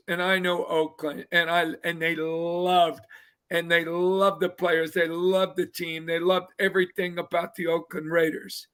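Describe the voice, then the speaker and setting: Older man, high bright storytelling voice. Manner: lively anecdotes, mimics others in quotes, laughs often. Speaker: guest, retired football player. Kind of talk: casual storytelling on a fan show.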